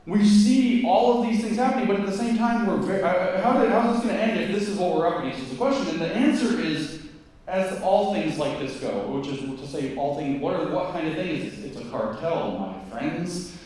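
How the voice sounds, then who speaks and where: A man giving a live lecture to an audience in a conversational, emphatic way, full of quick asides and restarts. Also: sits high, lively intonation, darkish tone. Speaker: guest speaker. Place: event hall before a live audience. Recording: very echoey hall, mic at a distance.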